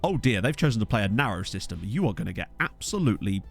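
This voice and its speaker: Chatty streamer with a lively voice. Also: male voice, fairly low pitch, fast, vocal fry, faint music behind. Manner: rambling, chatty, addresses viewers. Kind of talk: casual live-stream chat while playing. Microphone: desktop USB mic.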